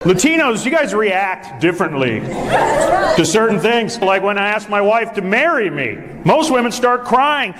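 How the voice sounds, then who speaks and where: Deadpan stand-up comic on a club stage. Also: male voice, sits high, measured pace, roomy sound, heavy background noise. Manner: deadpan one-liners, teasing the audience. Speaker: stand-up comedian. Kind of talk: stand-up set with crowd work. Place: comedy club stage before a live audience. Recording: live club recording with crowd laughter.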